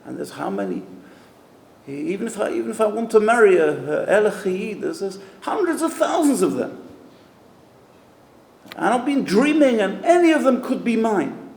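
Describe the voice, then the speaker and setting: A man's voice: high voice, very animated, moderate pace, vocal fry, darkish tone, exaggerated voice. A man voicing a tearful young bride on her wedding day, who sounds distraught and pleading. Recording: echoey hall with long reverb.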